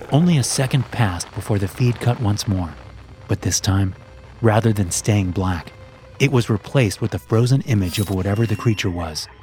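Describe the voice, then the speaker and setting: Low-voiced man narrating horror. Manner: steady storytelling delivery. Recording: loud background music.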